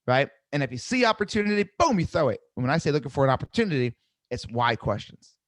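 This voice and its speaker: A man coaching a live sales webinar, seated, energetic, repeating key phrases and asking "right?" often. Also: fairly high pitch, fast talker, no room sound. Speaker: sales trainer. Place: seated indoors at a desk.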